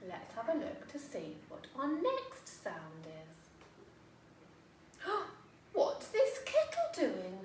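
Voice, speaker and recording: An English woman, an infant school teacher, giving a phonics lesson to young children in a slow, sing-song, encouraging way and sounding words out. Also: mid-range voice, huge pitch swings, a little mellow. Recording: echoey room, voice from a distance, faint background noise.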